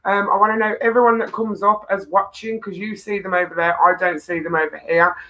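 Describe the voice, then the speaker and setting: Bright, chatty woman hosting live. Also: medium pitch, fairly even intonation, brisk, rough recording. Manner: chatty, affectionate, teasing. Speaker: host. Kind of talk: live-stream chat. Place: home studio.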